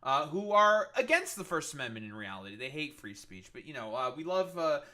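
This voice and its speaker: A man's voice: a little high, sing-song, a little fast, bright, forceful tone. A man ranting sarcastically and swearing constantly as he reacts to news clips on a livestream, full of fillers like "uh" and "like". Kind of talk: political commentary livestream.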